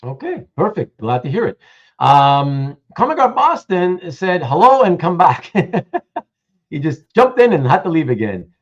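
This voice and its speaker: Man, stream host, casual chat, fairly high, very lively intonation, restarts a lot, dull lo-fi audio. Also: measured pace. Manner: chatty, reads out viewer comments, many restarts.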